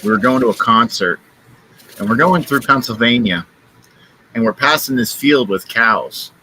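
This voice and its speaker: Bright-voiced man rambling through a story. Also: mid-range voice, animated, a little hiss or hum, low-quality recording. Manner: rambling anecdote-teller, quick bursts. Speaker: friend on the stream. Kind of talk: casual storytelling.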